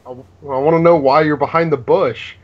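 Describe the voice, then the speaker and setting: A man's voice: on the high side, steady tone, brisk, lo-fi sound. A man playing a tabletop game, chatting playfully. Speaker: player. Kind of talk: casual game chat.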